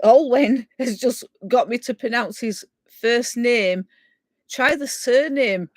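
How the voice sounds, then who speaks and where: Speaking very slowly with long pauses, this woman has a fairly high voice with big pitch swings on a dry recording. She's a middle-aged Yorkshire woman from England hosting a live stream, chatty and rambling, laughing as she reads out viewer comments.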